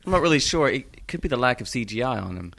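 A man's voice: medium pitch, sing-song, racing, vocal fry, fairly bright tone, no room sound. A man co-hosting a podcast, teasing and sarcastic in casual banter. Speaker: podcast co-host.

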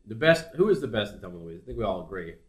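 A man's voice: on the low side, sing-song, very fast, echoey room. A man co-hosting a podcast in casual chat, making dry, sarcastic quips. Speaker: podcast co-host.

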